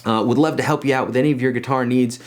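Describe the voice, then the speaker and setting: A chatty middle-aged man teaching a casual guitar lesson from his home studio, with a mid-pitched voice. He talks loosely, restarts his sentences and leans on fillers as he explains. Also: steady tone, very fast. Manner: sings pitches to demonstrate.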